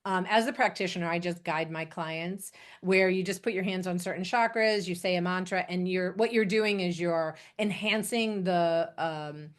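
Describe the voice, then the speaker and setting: A woman hosting a casual interview chat, a bit raspy today, laughing often and tagging her points with "right?". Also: fairly low pitch, normal speed, few pauses. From Italian family background. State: raspy throat. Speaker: podcast host and coach.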